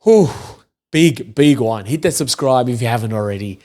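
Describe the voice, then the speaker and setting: A young man hosting his own channel, giving a casual, enthusiastic match review with loose, chatty phrasing and excited exclamations. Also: mid-range voice, moderate pace. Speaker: rugby channel host.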